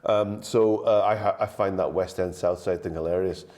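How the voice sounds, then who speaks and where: A man's voice: deep voice, fairly even intonation, moderate pace, a little mellow. A man in his fifties with an anglified Glaswegian accent, a guest telling stories and laughing often. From Scotland. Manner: chatty storyteller, laughs often. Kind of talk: casual chat.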